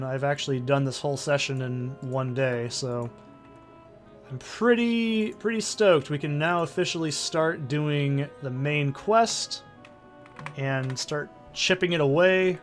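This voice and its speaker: Brief: male let's play host, excitable and profane, faint game music behind. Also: a little high. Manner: excitable, swears freely. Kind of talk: casual gameplay commentary.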